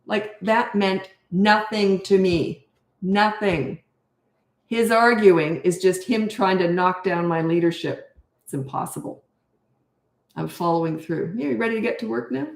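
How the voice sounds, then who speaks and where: A woman's voice: fairly low pitch, a little mellow, roomy sound. An older woman coaching parents, answering viewer questions in a blunt, emphatic way and repeating her key points.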